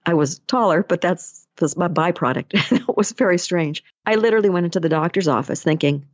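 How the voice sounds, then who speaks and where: A woman's voice: fairly low pitch, lively intonation, fairly quick, hardly any pauses. A woman talks in a casual monologue, a chatty storyteller who slips into the voices of the people she quotes. The sound is dull and lo-fi, with no room echo at all. She speaks as an energy healer and life coach.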